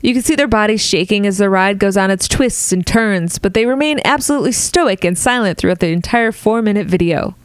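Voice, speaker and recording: A woman's voice: mid-range voice, brisk, hardly any pauses, clear, resonant tone, no echo. A woman co-hosting a casual podcast, reading news items aloud and then chatting and laughing often. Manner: giggly, reads news then chats. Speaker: podcast co-host.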